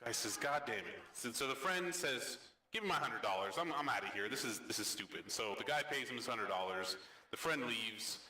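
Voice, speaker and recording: A man's voice: lively intonation, a little fast, sharp tone, far from the mic. Easygoing male host, roomy. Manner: easygoing, voices characters with raised pitch. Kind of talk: joke telling and hosting.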